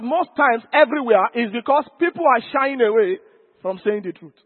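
High-voiced pastor preaching emphatically. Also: male voice, animated, moderate pace, husky. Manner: emphatic preaching, repeats key phrases, calls to the congregation. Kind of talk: sermon. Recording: lo-fi phone-like church recording with long reverb.

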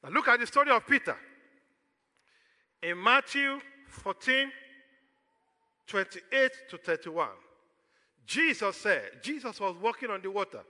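A man's voice: high-pitched, expressive, unhurried, long pauses, sharp tone, in a large hall. A man with a Nigerian accent preaching a sermon as pastor, throwing questions out to the congregation for them to answer.

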